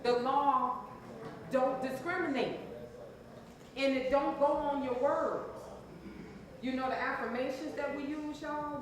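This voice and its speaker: A woman's voice: high-pitched, steady tone, takes it slowly, long pauses, background noise. A woman giving a motivational talk as a transformational coach, emphatic and calling on the audience to answer. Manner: emphatic, call-and-response with audience. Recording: very echoey room.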